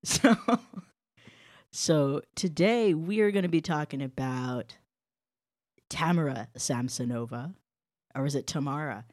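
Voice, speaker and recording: A low-pitched woman hosting a chatty comedy podcast, her voice recorded dry and close with no room sound. She riffs and jokes in loose, conversational asides. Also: a little mellow, dry recording. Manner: joking, riffing, quick asides. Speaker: podcast host. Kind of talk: casual comedic podcast chat.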